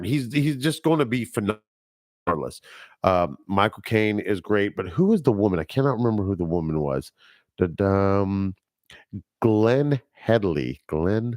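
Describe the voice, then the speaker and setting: A man with a fairly low voice talks alone into a microphone, drifting from one tangent to the next and chuckling at himself. The sound is dry and close, with no room around it. It is a casual solo podcast chat about movies. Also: no echo. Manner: rambling, chatty, laughs at his own tangents. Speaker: podcast host. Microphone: speaking into a microphone.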